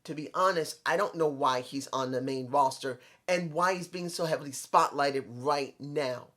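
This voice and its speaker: Man from New York with a New York accent, fairly high voice, blunt and opinionated, casual rambling wrestling recap. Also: moderate pace, bright, forceful tone. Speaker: wrestling commentator.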